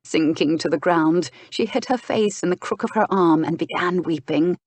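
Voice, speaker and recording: Romance audiobook narrator, woman, lower voice, measured and unhurried, dry close mic. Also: darkish tone, no echo.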